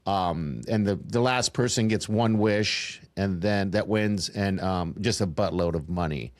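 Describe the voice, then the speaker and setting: A man with a fairly low voice chats casually on a podcast. He rambles with fillers and laughs often. The sound is dry and close. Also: a little slow, no echo. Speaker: podcast co-host. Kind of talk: casual chat.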